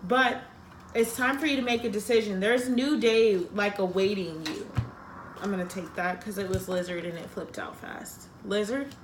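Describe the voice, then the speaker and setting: A woman's voice: medium pitch, moderate pace. Woman, tarot reader, casual, blunt, frank, swears, roomy echo, faint background noise.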